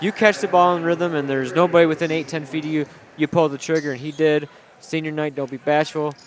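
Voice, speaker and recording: A man with a Michigan accent giving color commentary at a high school basketball game, explaining plays like a coach. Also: steady tone, fairly quick. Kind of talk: live basketball analysis. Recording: gym ambience, bouncing ball noise.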